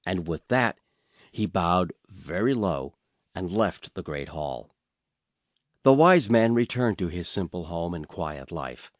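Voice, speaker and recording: A man reading a storybook aloud in a radio studio, slow and expressive. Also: low-pitched, no echo. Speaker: audiobook reader.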